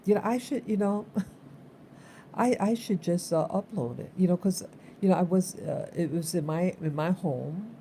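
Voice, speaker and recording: A woman's voice: on the low side, normal speed, mellow, a little hiss or hum. A woman vlogger telling a story in a casual, rambling way, repeating herself for emphasis.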